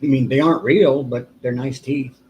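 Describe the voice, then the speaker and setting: A man's voice: medium pitch, steady tone, normal speed, highs cut off, a little hiss or hum. An older man hosting a casual live stream, telling a long rambling story and chuckling often. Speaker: livestream host.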